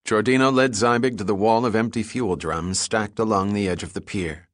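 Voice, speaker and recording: A man reading an audiobook chapter in a steady, measured narration. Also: fairly low pitch, no room sound, studio quality. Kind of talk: scripted narration.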